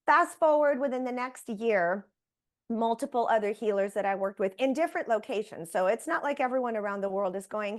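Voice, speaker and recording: A woman, a guest on an interview show, telling a personal story in a lively way and acting out the voices she quotes. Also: a little high, brisk. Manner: animated, acts out quoted voices.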